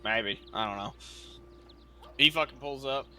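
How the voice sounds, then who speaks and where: A young man in character in a western roleplay game, retelling events in a profane, animated storytelling manner. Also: mid-range voice, measured pace, noisy background.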